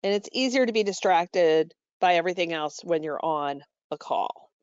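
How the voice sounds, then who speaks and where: A woman presenting a staff training call, instructive and steady, with frequent fillers and self-corrections. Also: on the low side, moderate pace, smooth, dry recording, lo-fi sound. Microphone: call microphone.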